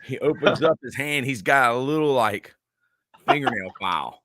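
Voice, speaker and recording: A man's voice: mid-range voice, animated, moderate pace, background noise. A man co-hosting a coaching podcast, talking in an easygoing, storytelling way. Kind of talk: casual chat.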